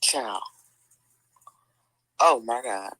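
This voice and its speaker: A woman's voice: extremely low pitch, drawn-out words, a bit bright, slightly rough, no room sound, poor audio. A woman hosting a livestream, talking in heated commentary with lots of swearing, sighs and "mm-mm"s. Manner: profane, exclaiming, lots of sighs and mm-mm.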